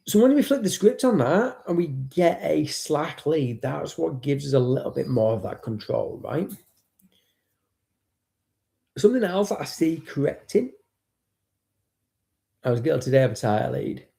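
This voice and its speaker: Gravelly-voiced man, chatty. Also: fairly high pitch, lively intonation, normal speed, long pauses, dark tone. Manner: chatty and blunt, swears, greets chat viewers. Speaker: dog trainer hosting a live stream. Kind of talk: casual live-stream teaching.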